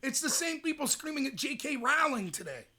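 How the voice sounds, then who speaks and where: A young adult man hosting a livestream, ranting in rapid, emphatic commentary. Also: very high-pitched, sing-song, bright, forceful tone. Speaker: host.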